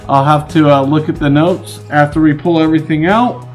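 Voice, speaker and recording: A middle-aged man filming a casual unboxing vlog, exclaiming with excitement as he opens a gift box. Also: on the high side, moderate pace, soft background music. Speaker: vlogger.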